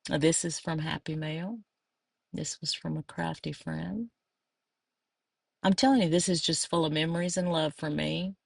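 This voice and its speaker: A woman's voice: low voice, fairly even intonation, moderate pace, gravelly, pauses often, breathy edge, dry recording, clean studio sound. A middle-aged woman from Louisiana with a South Louisiana accent, chatting fondly and meandering through a craft flip-through.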